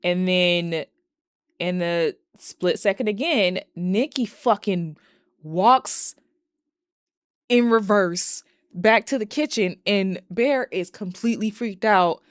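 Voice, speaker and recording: A woman's voice: mid-range voice, slow, clean tone, no room sound, clean studio sound. A woman recapping a movie plot in a casual, chatty way, swearing freely and throwing in exasperated asides. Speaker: movie reviewer.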